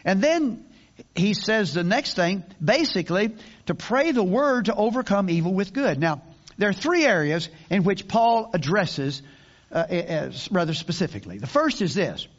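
Older preacher guy, high voice that jumps around a lot, folksy sermon, kinda muffled recording. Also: very animated, moderate pace. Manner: folksy, conversational preaching with frequent restarts. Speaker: pastor.

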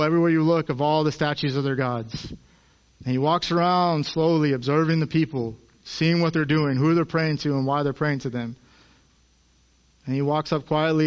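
A man's voice: a little high, muffled recording. A man preaching a sermon in an earnest way, his voice rising as he acts out the people in the stories.

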